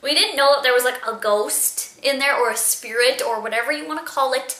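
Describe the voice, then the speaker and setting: Chatty young woman with a bright voice. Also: high-pitched, brisk. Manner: chatty, lots of fillers. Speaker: vlogger. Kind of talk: casual storytelling. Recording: echoey room.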